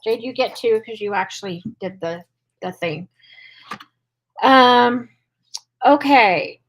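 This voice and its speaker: Chatty higher-voiced woman dog trainer. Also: takes it slowly, rough recording. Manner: chatty, with frequent "um" and "like". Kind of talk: casual live Q&A, answering viewer questions.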